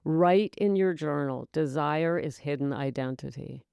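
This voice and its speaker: A woman's voice: sits low, moderate pace, gravelly, few pauses, dark tone, clear, resonant tone, dry recording, clean studio sound. A woman hosting a solo sobriety-coaching podcast, talking emphatically and encouragingly to her listener, calling them babe. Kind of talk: motivational solo podcast talk.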